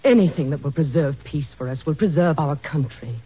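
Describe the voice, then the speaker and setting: A woman's voice: sits low, fairly quick, natural voice. An actress voicing an earnest, worried First Lady. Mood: pleading. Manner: earnest, gently insistent. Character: anxious devoted wife of a president, woman. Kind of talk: 1940s radio acting. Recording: dull old radio recording with faint hiss.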